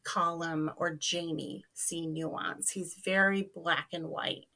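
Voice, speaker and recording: Slow-talking bright-voiced woman. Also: on the low side, fairly even intonation. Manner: thoughtful, hedging with many fillers. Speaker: podcast co-host. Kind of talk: casual fan discussion.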